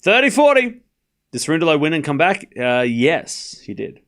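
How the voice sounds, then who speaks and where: During a live tennis watchalong stream, a young Australian man announces scores and bantes sarcastically with chat. His voice is slightly high and a bit bright, at a moderate pace.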